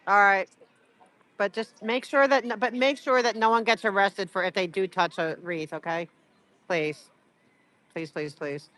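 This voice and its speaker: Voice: medium pitch, steady tone, unhurried, pushed and bright, dry recording. A livestreamer chatting casually with viewers from a street event, rambling and teasing, full of filler words. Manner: rambling, full of "like" and "you know".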